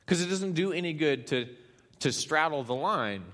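A man from Kansas preaching a sermon, retelling a story with animated, playful asides. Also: on the high side, moderate pace, in a large hall. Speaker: pastor.

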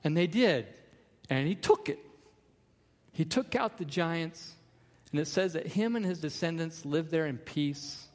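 Emphatic preaching man, high voice, reverberant hall. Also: lively intonation, a little slow, pauses often. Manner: emphatic preaching with repeated refrains. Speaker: pastor. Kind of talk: sermon.

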